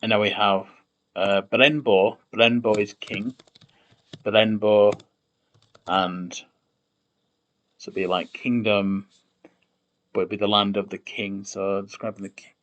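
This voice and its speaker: A man with a fairly low voice talks through his work at an unhurried, drawn-out pace. He mutters, trails off and repeats words under his breath as he tries them out, typing as he thinks aloud on a stream. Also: flat delivery, a bit bright, muffled recording. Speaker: conlang streamer.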